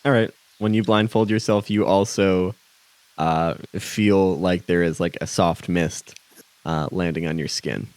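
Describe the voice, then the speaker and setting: A man runs a tabletop game as its game master, talking slowly through the scene. His voice sits somewhat low, and he halts often with ums and restarts as he describes what the players see. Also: steady tone, darkish tone, no room sound. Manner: halting, lots of ums and restarts.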